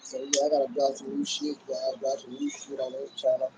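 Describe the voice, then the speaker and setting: A man's voice: medium pitch, monotone, a little fast, noisy background. A man chatting loosely and calling out to his viewers on a home livestream. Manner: laid-back, loose talk, calls out to viewers constantly. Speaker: livestream host. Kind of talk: casual livestream chat.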